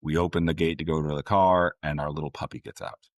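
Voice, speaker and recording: A man's voice: extremely low pitch, fairly even intonation, quick pace, no room sound, studio quality. A middle-aged man in a casual interview, telling stories and acting out quotes between parents and kids. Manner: conversational, storytelling, acts out parent and child quotes. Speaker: guest author and parenting expert.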